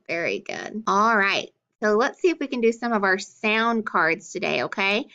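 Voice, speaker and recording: A woman's voice: mid-range voice, moderate pace, a bit bright. A woman teaching a phonics lesson to young children, patient and encouraging as she walks through letters and sounds. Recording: dull lo-fi recording.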